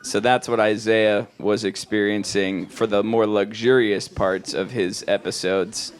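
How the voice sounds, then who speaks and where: A man who led the trip, presenting to an audience in a relaxed, good-humored way. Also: fairly low pitch, measured pace, clean tone. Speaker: trip leader.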